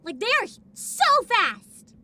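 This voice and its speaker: A woman streaming a video game in casual chat, excitable, often shrieking, laughing and swearing. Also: very high voice, slow pace, heavy background noise. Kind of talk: casual gaming livestream. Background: game music.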